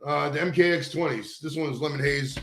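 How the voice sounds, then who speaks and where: A man's voice: on the high side, a little fast, gravelly. Rambling, cursing man in an echoey room. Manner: rambling, swears a lot, calls everyone dude. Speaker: host. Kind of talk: casual stoned chat. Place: studio.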